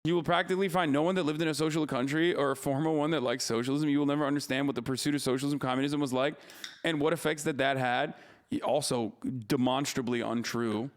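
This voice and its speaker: A man's voice: medium pitch, fairly even intonation, quick pace. A man streaming live, ranting heatedly about politics, cursing freely and answering his chat. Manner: heated, profane, argumentative. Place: streaming studio.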